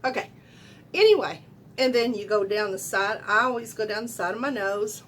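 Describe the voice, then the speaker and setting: A middle-aged woman giving a casual makeup tutorial at home, chatty and loud, often asking viewers questions. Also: medium pitch, lively intonation, moderate pace. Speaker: beauty vlogger.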